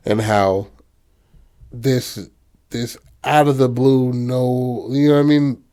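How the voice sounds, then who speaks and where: Male podcast host, casual and slangy storyteller, average pitch. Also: fairly even intonation, takes it slowly, dark tone. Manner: loose and slangy, heavy on fillers like "you know". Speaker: podcast host retelling a film. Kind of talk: casual chat.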